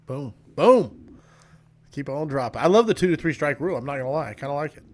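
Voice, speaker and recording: A man's voice: on the high side, lively intonation, a little fast, darkish tone. A man hosting a casual podcast, reading out audience questions and cheering on his guest with upbeat interjections. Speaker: podcast host.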